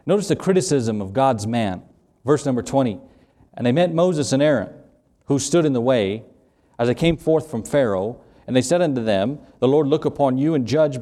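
A man's voice: medium pitch, warm tone. Man preaching with fervent emphasis. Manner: preaching with rising emphasis and acted-out quotes. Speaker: pastor. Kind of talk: sermon.

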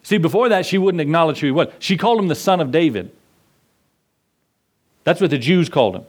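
A man's voice: on the high side, animated, a little fast. A middle-aged male pastor preaching a sermon in a conversational way, acting out voices in his stories.

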